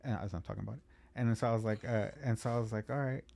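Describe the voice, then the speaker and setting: A man's voice: fairly low pitch, fairly even intonation, very fast, vocal fry, darkish tone. A man, a comedian, telling a rambling, profane story in casual podcast chat and acting out what people said.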